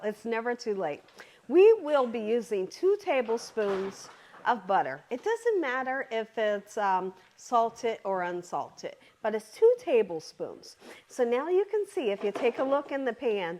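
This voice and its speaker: Upbeat woman teaching home cooking. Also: a little high. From American South. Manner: chatty, encouraging, often ends points with "okay?". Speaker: cooking channel host.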